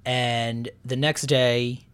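Man, podcast co-host, loose rambling recap, mid-pitched everyday voice. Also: flat delivery, extremely slow, a bit bright, clean tone. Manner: rambling, full of fillers and restarts. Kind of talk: casual chat.

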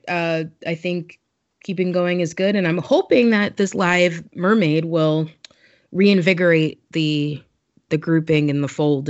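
A woman with a lowish voice talks through her views in a casual podcast, thoughtful and hedging, with plenty of fillers. The recording sounds dull and lo-fi. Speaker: podcast co-host. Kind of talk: casual chat.

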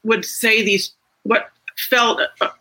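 A woman from the United States talks in a loose group conversation over a video call. She thinks out loud, breaks off and restarts her sentences, and her voice is bright. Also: fairly high pitch, little pitch movement, slow pace, rough recording. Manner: reflective, many restarts. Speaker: guest.

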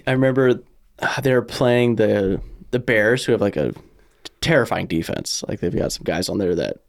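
A man's voice: lowish voice, moderate pace, gravelly. A young man co-hosting a podcast in casual chat, telling stories with a laugh and acting out the quotes. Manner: storytelling, laughs often, acts out quotes. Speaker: podcast co-host.

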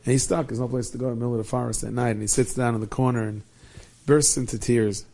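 A man telling a Hasidic tale in a lively way, dropping in many Yiddish and Hebrew words. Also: medium pitch, quick pace, creaky. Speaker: storyteller.

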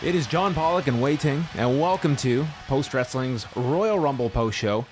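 A man's voice: medium pitch, lively intonation, normal speed, hardly any pauses, over music. A man co-hosts a podcast in loose, casual chat, his humor dry and sarcastic. His voice sits in an ordinary middle range. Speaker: podcast co-host.

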